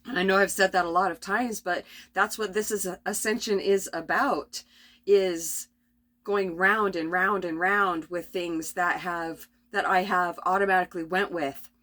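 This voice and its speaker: Soft-spoken, rambling woman vlogging from home. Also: fairly low pitch, fairly even intonation, unhurried. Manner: rambling, many restarts, soft laughs. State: tired, with a cough. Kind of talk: spontaneous spiritual vlog.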